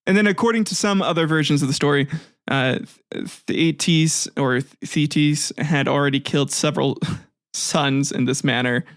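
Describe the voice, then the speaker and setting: Joking man with a higher voice. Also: fairly bright tone, no room sound, studio quality. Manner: jokey, crude asides, laughs at own jokes. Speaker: podcast host. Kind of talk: casual history podcast narration.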